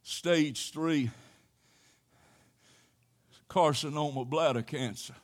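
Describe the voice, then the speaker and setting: An older man preaching a sermon, telling a personal story in a folksy way with sudden loud exclamations. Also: a little high, extremely slow. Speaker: pastor.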